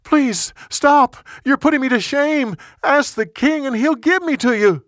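A man's voice: unhurried, fairly bright tone, dry recording, studio quality. A man doing a desperate pleading young woman. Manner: begging, high and urgent.

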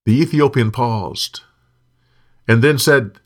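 A man narrating a Bible story in a scripted, expressive reading. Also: medium pitch, unhurried.

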